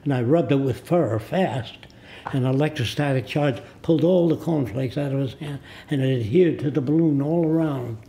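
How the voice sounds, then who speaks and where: A man's voice: medium pitch, gravelly, mellow. A man in his nineties from the United States, a guest telling stories in a studio interview and acting out the people in them. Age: 90s. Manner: deliberate storyteller who acts out the people in his stories.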